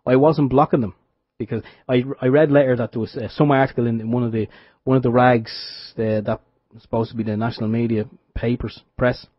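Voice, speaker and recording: A man's voice: medium pitch, fairly even intonation, brisk, no room sound. Wry Irish man telling a story. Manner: wry, anecdotal, with frequent restarts. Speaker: radio show co-host. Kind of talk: casual storytelling chat. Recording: dull dry radio sound.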